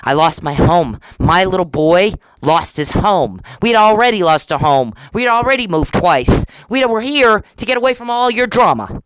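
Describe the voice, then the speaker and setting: A woman's voice: fairly low pitch, animated, normal speed, few pauses, clear, resonant tone, rough recording. A woman delivering an angry, accusing podcast monologue straight at someone she blames, repeating herself in a confrontational way. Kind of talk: angry monologue aimed at an absent person.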